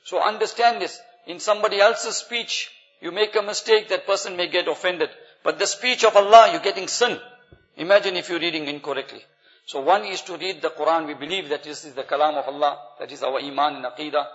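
A man's voice: a little high, fairly even intonation, fairly quick, a bit bright. A man giving an earnest, instructive sermon as imam, weaving Arabic phrases into his talk. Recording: echoey hall, dull lo-fi sound.

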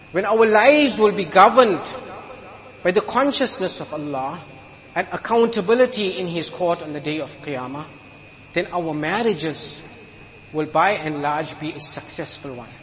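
A man's voice: high voice, animated, a little slow, fairly bright tone. A man delivering an emphatic sermon in a mosque, illustrating his points with humorous stories. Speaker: preacher. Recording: long hall reverb.

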